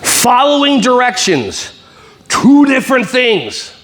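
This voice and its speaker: A man's voice: extremely high pitch, big pitch swings, fairly bright tone, a little hiss or hum. A man giving a comedic, motivational talk to school staff, teasing the audience and acting out kids and teachers. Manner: playful, teasing, acts out kids and teachers in quick voices. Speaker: speaker at a staff wellness workshop.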